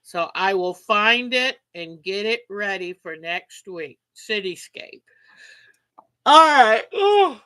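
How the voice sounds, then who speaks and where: Slow, bright-voiced woman quilting host. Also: mid-range voice. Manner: chatty, reading viewer comments aloud with warm enthusiasm. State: sleepy, yawning. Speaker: livestream host. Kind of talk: casual livestream chat.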